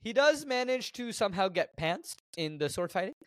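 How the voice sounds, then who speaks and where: A man co-hosting a podcast, casually recapping a film from his notes with animated jokes. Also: high voice, moderate pace, no echo. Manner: animated, joking, reads notes aloud. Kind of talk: casual chat.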